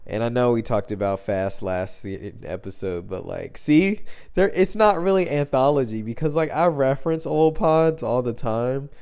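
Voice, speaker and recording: A man's voice: mid-range voice, lively intonation, normal speed, hardly any pauses, darkish tone, clear, resonant tone. A young man hosting a solo podcast, rambling loosely in heavy slang with lots of filler words. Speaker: podcast host.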